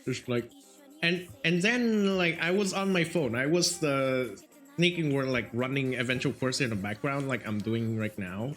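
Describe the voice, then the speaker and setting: A man's voice: medium pitch, moderate pace, fairly bright tone. A young man speaking English as a second language with a Vietnamese accent, streaming and telling a rambling story full of fillers and restarts. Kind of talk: casual chat. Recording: faint music behind.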